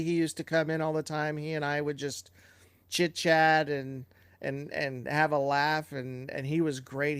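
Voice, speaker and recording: A man co-hosting a casual live Q&A, rambling through behind-the-scenes stories with plenty of ums and restarts. His voice sits a touch high. The sound is close and dry. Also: smooth, dry recording. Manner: chatty anecdotes with filler and restarts. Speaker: co-host and TV producer.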